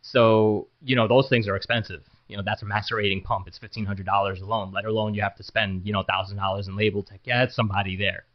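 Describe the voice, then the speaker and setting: A man's voice: on the low side, fairly even intonation, fast, few pauses, lo-fi sound. A man who works as a property manager, talking casually to camera about his business in a frank, rambling way, with many fillers and restarts.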